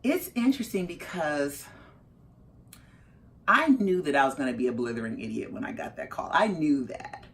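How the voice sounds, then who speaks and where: A middle-aged woman, the mother of a parolee, telling her story in an interview and acting out her own reactions with big leaps in her voice. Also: normal speed. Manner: animated, acts out her own reactions with big jumps in pitch.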